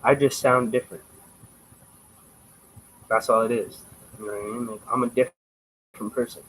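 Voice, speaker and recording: A man's voice: medium pitch, steady tone, moderate pace, a bit bright, a little hiss or hum, low-quality recording. A young Canadian man with a Canadian accent, chatting casually on a livestream, blunt and profane, calling the viewers "bro.". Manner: blunt, profane, emphatic, says "bro" often.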